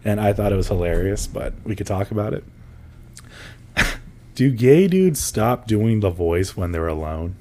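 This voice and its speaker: This podcast co-host is a man who chats casually, laughing a lot and performing voices as he tells stories. He sounds expressive, on the low side, with a darkish tone and moderate pace.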